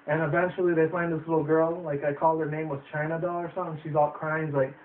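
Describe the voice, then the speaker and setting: A man's voice: fairly high pitch, little pitch movement, quick pace, distant mic, slight background noise. A young man reviewing a movie in a rambling casual way, swearing often and using lots of fillers. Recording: tinny phone-like roomy sound from afar.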